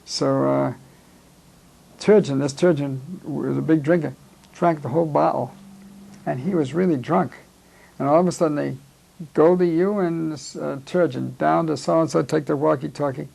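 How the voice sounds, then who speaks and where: A veteran in his nineties tells his story in a rambling oral-history style. His voice is heavily gravelly and a touch high for a man. He keeps slipping into the voices of the people he quotes. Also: steady tone, normal speed, darkish tone, poor audio. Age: 90s. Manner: rambling, acts out quoted dialogue. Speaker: war veteran.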